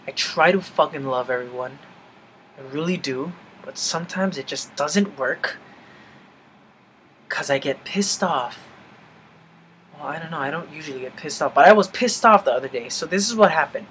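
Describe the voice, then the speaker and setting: A young man venting in a casual vlog, animated and swearing freely. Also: a little high, moderate pace, pauses often, a little hiss or hum, low-quality recording. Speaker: vlogger.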